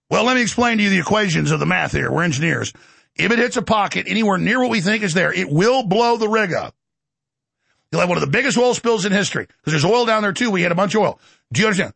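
A man hosting a talk show, ranting sarcastically with shouted bursts. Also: sits high, lively intonation, fast talker, creaky, husky, no room sound. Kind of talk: ranting monologue.

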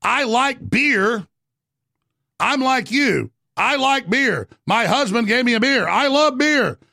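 A shrill, overeager caricature of a folksy woman politician, as a man puts her on with a raised, gravelly voice. She repeats herself in a sing-song way. The sound is dry and close. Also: lively intonation, measured pace, sharp tone, no room sound, full character voice. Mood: mocking.

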